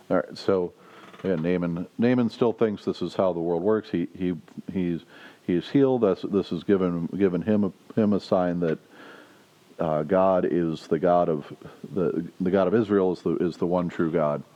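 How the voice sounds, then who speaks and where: A man, a pastor, leading a conversational Bible study, talking in halting phrases with many restarts and raising his voice to act out quotes. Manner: halting, restarts often, acts out quotes with raised pitch. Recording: dull lo-fi recording.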